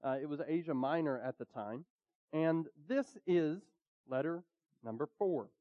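Guy preaching casual-like, lots of ums, voice a bit high, dull recording. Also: a little slow. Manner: conversational with frequent fillers, lively emphasis. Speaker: pastor. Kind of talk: sermon.

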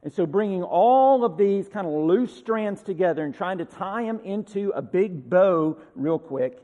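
A man delivers a sermon with a slightly higher-pitched voice. He talks conversationally, tossing in asides and rhetorical questions. His voice rings out with a long reverb, as in a large hall. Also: dark tone. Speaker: pastor.

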